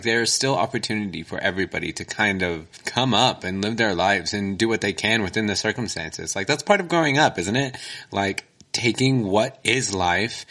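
A man in casual podcast chat, earnest with deadpan jokes. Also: on the low side.

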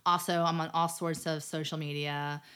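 A low-pitched woman talks as a coaching guest on a podcast. She speaks casually and reflectively, often circling back with fillers and restarts. She sounds animated. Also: normal speed, clean tone. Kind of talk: casual conversational interview.

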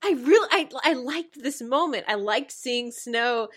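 A woman's voice: on the high side, lively intonation, measured pace, fairly bright tone. Woman co-host steering the chat. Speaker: podcast co-host. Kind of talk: casual recap chat.

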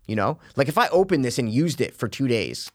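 A man telling a long story in casual chat, animated and swearing freely, acting out what others said. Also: medium pitch, a little fast.

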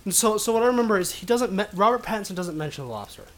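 A man co-hosting a podcast, chatting eagerly and quickly about a film with many restarts. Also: high voice, big pitch swings. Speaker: podcast co-host. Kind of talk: casual chat about a film.

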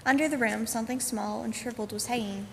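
A woman narrating a children's picture book aloud in a church, clear and expressive. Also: a little high, fast talker. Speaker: co-reader of a children's story. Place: church sanctuary. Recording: echoey sanctuary, faint hum.

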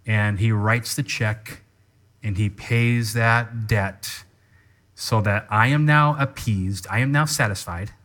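Bright-voiced preaching man. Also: lowish voice, slow pace. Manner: animated teaching with live demonstration. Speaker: pastor. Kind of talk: sermon.

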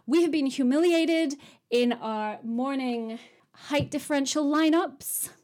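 Breezy woman in a mock interview. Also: fairly high pitch. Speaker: comedy performer.

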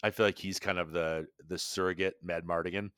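Man, very low voice, relaxed podcast co-host, dry sound. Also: a little fast, clear, resonant tone, dry recording. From United States. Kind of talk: casual chat.

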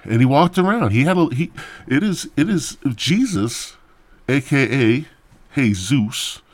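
A man's voice: a little high, lively intonation, normal speed. A man hosting a podcast who rambles through a crude, mock-serious comedic story on a podcast mic. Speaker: podcast host. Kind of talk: profane comedic rant.

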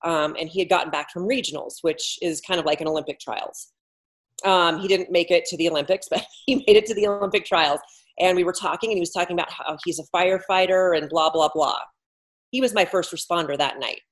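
A woman's voice: fairly low pitch, brisk. Blunt joking woman. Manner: blunt, joking, self-mocking. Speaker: podcast guest, former Olympic swimmer. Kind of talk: candid casual interview talk.

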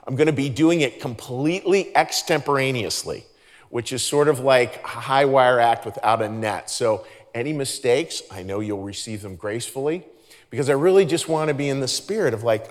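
A man's voice: medium pitch, lively intonation, moderate pace. A man preaching a sermon as pastor. He talks earnestly and conversationally, often restarting his sentences. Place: large church hall. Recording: reverberant church hall.

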